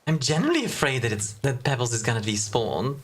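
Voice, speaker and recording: A woman's voice: extremely low pitch, very animated, quick pace, breathy edge. A young woman streaming a game in casual chat, playful and self-mocking, often breaking into laughter.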